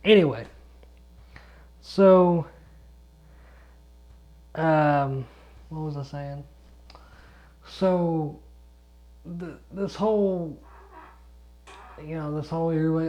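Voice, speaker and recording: A man's voice: on the high side, slow pace, long pauses, darkish tone. A young man hosting a late-night solo gaming podcast, sleepy, rambling and swearing, losing his thread as he goes. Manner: rambling, swears a lot, chuckles often, loses his thread. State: sleepy, yawning. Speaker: podcast host and gaming YouTuber. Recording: dull lo-fi home recording.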